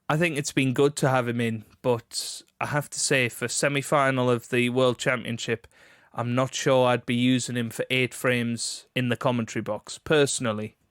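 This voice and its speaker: Smooth-voiced man co-hosting a podcast. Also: mid-range voice, no room sound, studio quality. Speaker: podcast co-host. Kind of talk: casual chat.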